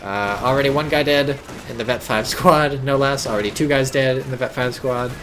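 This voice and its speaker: A man casting a strategy game match in casual commentary, excitable, sarcastic and swearing freely. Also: mid-range voice, normal speed, noisy background. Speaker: game caster.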